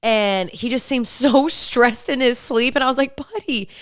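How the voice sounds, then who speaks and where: A young woman hosting her podcast, bubbly and chatty, her talk dotted with "like" and "literally". Her voice comes through smooth and resonant. The sound is close and dry, with no room echo. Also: on the high side, normal speed. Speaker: podcast host. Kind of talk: casual chat.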